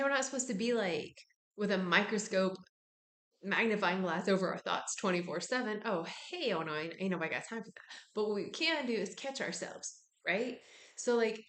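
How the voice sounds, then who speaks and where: A woman giving a casual self-help talk, relaxed and frank, with casual swearing. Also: mid-range voice, reverberant. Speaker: wellness speaker.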